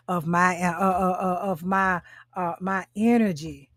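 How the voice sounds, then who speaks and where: A woman in her sixties, host of a live talk show and coach to other women, speaks a little slowly in a fairly low, slightly bright voice with no echo. Using a webcam or phone mic, she talks emphatically, repeating phrases and calling out to viewers.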